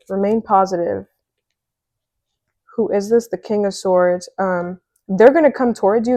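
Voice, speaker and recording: A woman giving a casual, excitable tarot reading, chatty and full of fillers. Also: mid-range voice, dry recording. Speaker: tarot reader.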